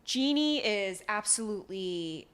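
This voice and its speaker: Woman, podcast co-host, casual drama recap, lively voice, acts out lines. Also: medium pitch, measured pace, crowd noise. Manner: animated, acts out characters' lines.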